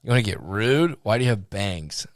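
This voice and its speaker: Young man, low voice, casual podcast chat, profane storyteller, dry sound. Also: animated, unhurried, dry recording. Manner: profane, storytelling, acts out quoted people. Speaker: podcast co-host.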